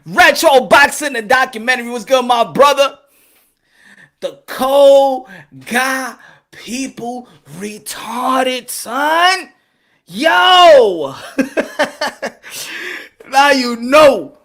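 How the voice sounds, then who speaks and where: Man, boxing channel host, rowdy, shouting, bright sharp voice, switches into Spanish. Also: very high-pitched, lively intonation, drawn-out words, long pauses. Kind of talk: live-stream boxing commentary.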